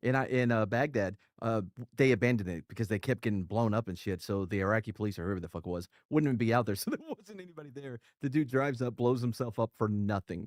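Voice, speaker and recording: A man's voice: lowish voice, fast talker, hardly any pauses, no room sound, clean studio sound. A man, a military veteran co-hosting a podcast, telling a war story in profane casual chat and acting out the people in it. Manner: profane, animated war storyteller doing voices. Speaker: co-host, veteran.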